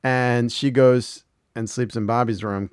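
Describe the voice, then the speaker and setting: A man's voice: medium pitch, steady tone, unhurried, a little mellow, clear, resonant tone, no echo, clean studio sound. A man co-hosting a podcast, casually retelling TV episodes with laughs, swearing and acted-out quotes. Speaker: podcast co-host.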